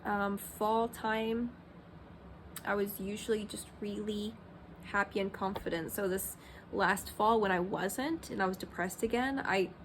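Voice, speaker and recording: A woman in her thirties speaks candidly in a personal Christian vlog, her medium-pitched voice steady and a little slow. She rambles with plenty of fillers like "um" and "like," over slight background noise.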